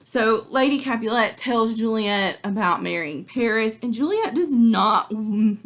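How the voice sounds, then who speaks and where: A woman's voice: on the high side, animated, measured pace. A woman teacher giving a casual, chatty recap of a play to her class, full of likes and ums. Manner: chatty, filler-heavy, informal.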